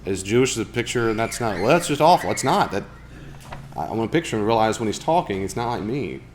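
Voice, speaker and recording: A man leading a casual Bible study group, chatty and animated, talking with asides to the people in the room. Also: on the low side, fast, a little hiss or hum. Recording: live room recording, faint background.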